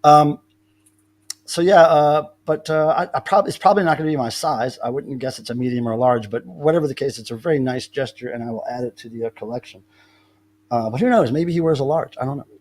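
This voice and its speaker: A man's voice: medium pitch, quick pace, a little mellow. A man hosting a casual live stream, telling rambling stories with many restarts. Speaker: livestream host.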